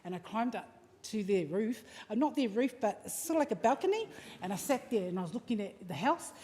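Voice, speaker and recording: A middle-aged woman with a New Zealand accent, sharing an animated personal story at a memorial service. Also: medium pitch, fairly quick. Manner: animated, acts out the story with lively asides. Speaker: family member speaking at a memorial service. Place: large hall at a live-streamed service. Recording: echoey hall with faint background noise.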